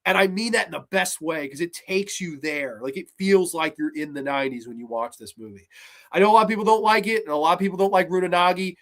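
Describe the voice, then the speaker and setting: A man's voice: high-pitched, fast, a bit bright. Enthusiastic, profane man reviewing horror films. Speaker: horror podcast host. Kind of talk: casual film review.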